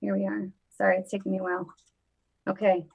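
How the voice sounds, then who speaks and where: A woman's voice: mid-range voice, flat delivery, fast talker, creaky, darkish tone, breathy edge, rough recording. A woman hosting her own live political show, chatting casually and upbeat straight to her viewers from her desk. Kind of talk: casual live-stream chat.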